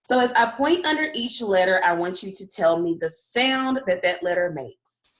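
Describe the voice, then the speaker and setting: A woman teaching a phonics lesson to young children, speaking in a slow, encouraging way and stretching out the sounds of words. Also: mid-range voice, lively intonation. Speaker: kindergarten teacher.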